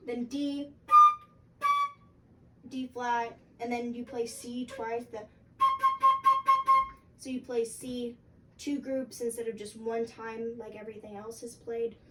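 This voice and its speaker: A woman's voice: on the high side, mellow. Young woman teaching flute, mic far off. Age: young adult. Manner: casual, halting explanations with many fillers. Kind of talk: instructional music lesson. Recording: distant mic with faint background noise.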